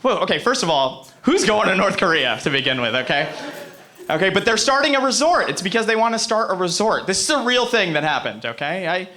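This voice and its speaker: Brash, bright-voiced American man doing stand-up. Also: sits high, sing-song, brisk. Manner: brash, profane, rambling asides to the crowd. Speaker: stand-up comedian. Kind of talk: stand-up comedy set. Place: comedy club stage.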